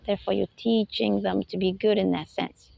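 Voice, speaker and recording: A woman's voice: mid-range voice, fairly even intonation, moderate pace, vocal fry, muffled recording. A woman giving an unscripted spiritual lecture, emphatic and full of rhetorical questions, often laughing between points. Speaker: spiritual talk host.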